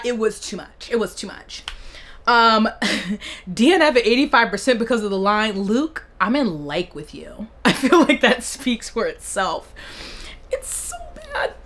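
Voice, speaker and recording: A woman's voice: fairly high pitch, moderate pace. A young woman book vlogger reading out bad reviews and reacting with sarcastic, laughing commentary. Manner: sarcastic, animated, laughs between lines.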